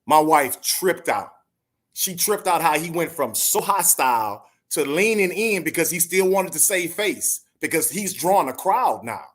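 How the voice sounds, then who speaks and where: A man's voice: fairly high pitch, very animated, measured pace, a bit bright. A man in his forties telling a personal story in casual chat, talking earnestly and directly to his listeners. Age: 40s. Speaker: podcast co-host.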